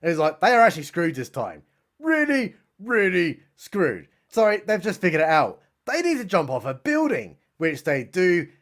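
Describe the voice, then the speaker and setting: A man's voice: fairly high pitch, big pitch swings, fairly quick, few pauses. A young man giving a sarcastic, mocking comedic film recap. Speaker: film reviewer.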